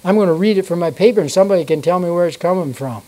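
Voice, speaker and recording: A Bible teacher reading scripture aloud and then explaining it, unhurried, stopping to check notes and correct themself. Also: mid-range voice, mellow, rough recording.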